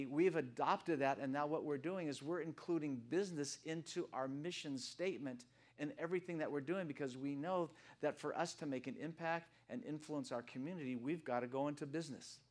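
A man of seventy preaching a casual, animated sermon, joking with the congregation and swinging from soft to loud. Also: fairly high pitch, moderate pace. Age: 70s. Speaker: guest preacher.

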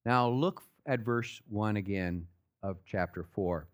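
A man's voice: lowish voice, takes it slowly. Conversational male preacher. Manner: conversational preaching, directs listeners through scripture. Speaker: pastor. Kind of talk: sermon.

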